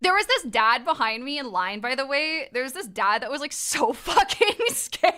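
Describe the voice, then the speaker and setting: Young woman streamer, high bright voice, super excitable, laughs and swears a lot. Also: moderate pace, a little hiss or hum. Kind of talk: casual live-stream chat.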